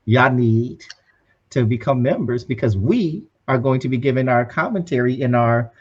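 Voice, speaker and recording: A man co-hosts a casual motivational podcast, sounding upbeat and preachy, and he keeps tacking "right?" and "you know what I'm saying" onto his points. His voice is mid-range, animated, slightly rough, and at normal speed. The recording is muffled.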